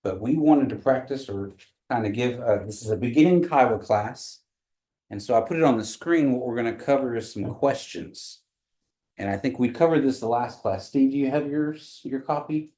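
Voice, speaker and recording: A man from Oklahoma teaching a small language class, patiently explaining pronunciation and repeating phrases slowly. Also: medium pitch, warm tone, low-quality recording. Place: meeting room with a small class.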